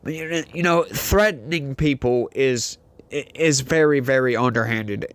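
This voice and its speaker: A man's voice: on the high side, unhurried, gravelly, a bit bright, no echo. A man hosting a commentary vlog, ranting indignantly with repeated rhetorical questions. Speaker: political commentary host.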